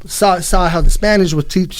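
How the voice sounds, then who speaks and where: A man's voice: high voice, moderate pace, faint music behind. A middle-aged man from Canada, a reggae singer chatting as an interview guest, rambling through stories and breaking into bits of song and quoted voices. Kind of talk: casual interview chat.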